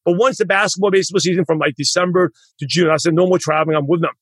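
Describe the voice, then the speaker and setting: Podcast host, male, husky and quick, rambling chat. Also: a little high, fairly even intonation, no echo. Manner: rambling, self-correcting, proud father. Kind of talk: casual interview chat.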